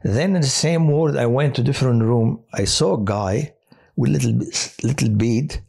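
A man who works as a hospital chaplain tells personal stories in a halting way, with many restarts and fillers. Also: mid-range voice, vocal fry, a little mellow, husky. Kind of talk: personal testimony on a podcast.

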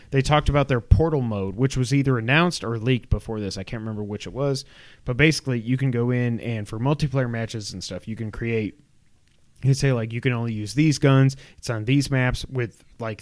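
A man's voice: medium pitch, dry recording. A man in his thirties, a podcast co-host, telling stories and news in a rambling, casual way. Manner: rambling storyteller, trails off with fillers. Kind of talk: casual chat.

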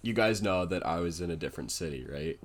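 A man with a lowish voice tells a story in a casual chat. He is animated and joking, drawing the listener along as he builds up to the punchline. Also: fast talker. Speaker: podcast co-host.

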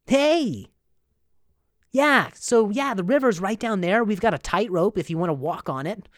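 A man's voice: sits high, expressive, unhurried, no echo, studio quality, voice pushed up. A man doing a chirpy, overfriendly campsite guy. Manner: eager, chirpy, oversharing. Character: overly friendly young male campsite host.

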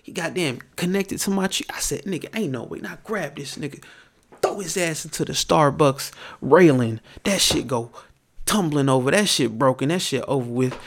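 A man's voice: on the high side, normal speed, a little hiss or hum. A man hosting his own podcast, telling a story in a casual monologue and ranting with plenty of profanity. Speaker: podcast host.

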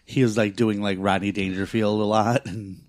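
A middle-aged man co-hosting a podcast, telling animated stories in casual chat and swearing freely. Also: fairly low pitch, normal speed, no room sound, studio quality. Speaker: podcast co-host.

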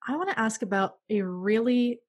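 A woman's voice: fairly high pitch, expressive, moderate pace, darkish tone, dry recording, clean studio sound. A woman hosting a casual interview, an encouraging listener who laughs often. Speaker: podcast host.

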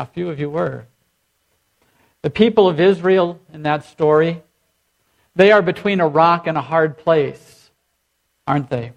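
A man's voice: a little high, vocal fry, muffled recording. A man preaching a sermon as pastor, leading his congregation in call and response. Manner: leads the congregation in repeated chanted responses.

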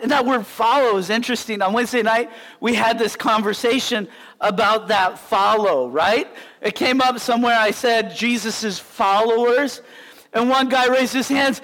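A man preaching a sermon as a pastor, telling stories in an animated way and acting out the scenes. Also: extremely high pitch, moderate pace. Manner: animated storytelling, acts out scenes. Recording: long hall reverb.

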